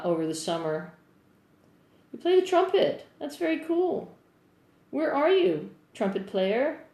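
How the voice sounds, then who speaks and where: A middle-aged woman with a New Jersey accent talks in a loose, rambling, upbeat way, answering viewer comments. Her voice sits at a middling pitch. It is picked up by a phone inside an echoey room. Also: dark tone. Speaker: singer-songwriter live-streaming. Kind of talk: casual live-stream chat answering viewer comments. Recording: roomy echo on a phone mic.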